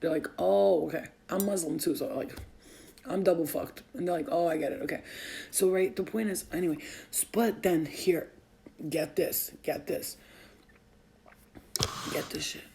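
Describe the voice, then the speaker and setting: A woman's voice: lowish voice, normal speed, vocal fry, long pauses, dark tone. A woman vlogger and mother telling a story in a casual, profane way, laughing often. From Albanian family.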